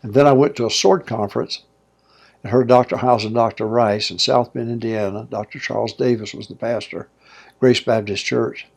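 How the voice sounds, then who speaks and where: An older male preacher with a gravelly, creaky voice sits as an interview guest. He tells his story in a folksy, plainspoken way, with easy chuckles along the way. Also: medium pitch, fairly even intonation, normal speed, a little mellow. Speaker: pastor and guest.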